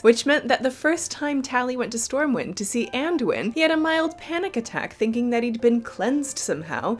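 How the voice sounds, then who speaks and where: A woman narrates scripted gaming news, treating it with mock-earnest sarcasm. Her voice sits a little high for a woman. Faint music runs behind her. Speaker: co-host.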